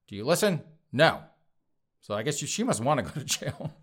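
A man's voice: mid-range voice, sing-song, a little fast, fairly bright tone, breathy edge. Crude, sarcastic male news commentator. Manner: crude, sarcastic, laughing at his own jokes. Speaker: podcast host.

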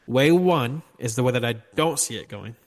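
A man's voice: mid-range voice, expressive, moderate pace. Man, podcast co-host, casual sports chat, joking and hyped.

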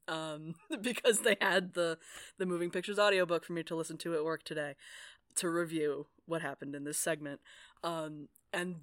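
A woman co-hosting a casual podcast about a fantasy novel, animated and laughing, often quoting characters in silly voices. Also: fairly low pitch, smooth, no room sound, clean studio sound. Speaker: podcast co-host. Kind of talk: casual book-club chat.

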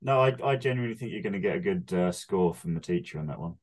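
A man with a very deep voice banters with his friends on a comedy podcast. He answers teasing with dry, deflecting remarks in a loose, casual way. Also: animated, fast. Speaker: podcast co-host.

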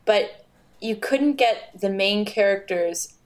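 Upbeat woman cohost, chatty, asks lots of questions, medium pitch. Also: slow. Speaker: co-host. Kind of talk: casual chat.

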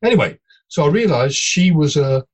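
A man, a podcast guest, telling personal stories in an animated, digressive way. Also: on the high side, moderate pace, breathy edge, low-quality recording. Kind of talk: storytelling in casual conversation.

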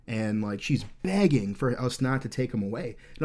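A man's voice: mid-range voice, expressive, normal speed, few pauses, a little mellow. A man in his thirties hosting a podcast, telling a rambling, candid war story full of swearing. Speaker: podcast host.

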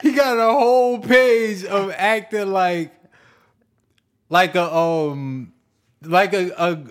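A man co-hosting a podcast, telling a story in animated, slangy casual chat. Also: high voice, slow pace. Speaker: podcast co-host.

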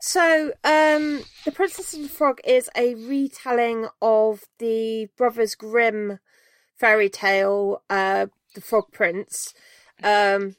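A woman co-hosting a podcast, recapping a film in a loose, chatty way. Her voice sits a little high. She fills pauses with ums and laughs easily, all recorded dry and close. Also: flat delivery, clear, resonant tone, dry recording. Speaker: podcast co-host. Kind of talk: casual film discussion.

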